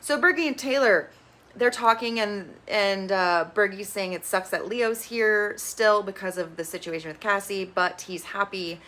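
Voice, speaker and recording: Woman, reality TV recap vlogger, bright voice, chatty, opinionated, blunt, casual swearing. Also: medium pitch, moderate pace. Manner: chatty, gossipy storytelling with bursts of excitement.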